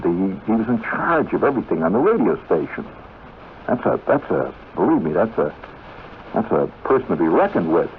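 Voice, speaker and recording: On a 1970s radio broadcast, a man with a low voice tells a rambling story, addressing the listener directly and wandering into asides and digressions. The audio is thin and tinny, like a phone line, with a faint hiss beneath it.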